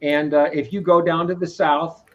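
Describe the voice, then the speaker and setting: Opinionated man with a high voice. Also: little pitch movement, normal speed, lo-fi sound. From Boston. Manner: rambling, opinionated, repeats words. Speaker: host. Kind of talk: casual live-stream talk.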